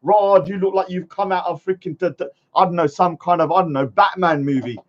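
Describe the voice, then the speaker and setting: A man's voice: high voice, brisk. A man, vlogging casually to a live chat, rambling and mocking his critics. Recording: dull lo-fi sound.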